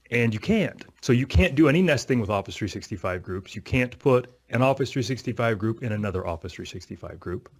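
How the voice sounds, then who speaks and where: A man co-hosting a tech podcast, talking in a rambling, self-mocking, chatty way. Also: medium pitch. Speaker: podcast co-host. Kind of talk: casual tech podcast chat.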